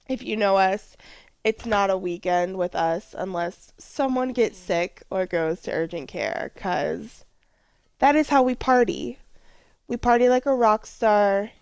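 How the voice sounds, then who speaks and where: A woman's voice: mid-range voice, creaky, no room sound. A woman giving casual, rambling commentary over a life-sim game, telling personal stories, swearing casually and exclaiming at what happens on screen. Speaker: let's play vlogger.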